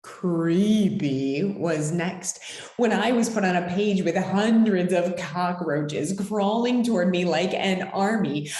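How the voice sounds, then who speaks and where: A woman's voice: on the low side, animated, slow, a little mellow, roomy sound. A woman reading a children's picture book aloud as storyteller, with dramatic, swooping delivery.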